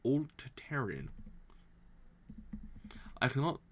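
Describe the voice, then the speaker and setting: Reading a manga aloud for a live reaction, a medium-pitched man keeps stumbling over words and starting over. He's excitable and laughs easily.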